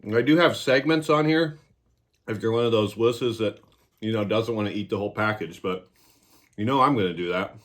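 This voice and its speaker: A man's voice: lowish voice, fairly quick, a bit bright. A man hosting his own review vlog, talking casually and joking as he eats. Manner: joking, irreverent. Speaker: cannabis reviewer.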